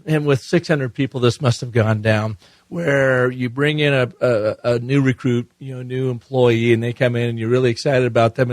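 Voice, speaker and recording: A man's voice: mid-range voice, no room sound. A man hosting a business podcast, asking conversational questions. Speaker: podcast host. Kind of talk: interview questions.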